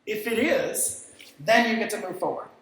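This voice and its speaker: A man speaking at a creative industry event, giving lively stage lessons and acting out what clients say and think. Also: high voice, moderate pace, a little hiss or hum. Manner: energetic, acts out clients' reactions, casual swearing. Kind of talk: stage talk with practical lessons. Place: event stage in a large, echoey venue. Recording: very echoey hall sound.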